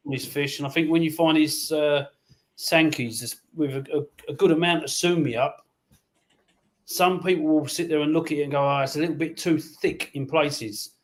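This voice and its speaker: Brief plain-talking man, a bit high-pitched, auction co-host. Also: fairly even intonation, normal speed. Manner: blunt, plain-spoken, crude jokes. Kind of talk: casual live auction talk.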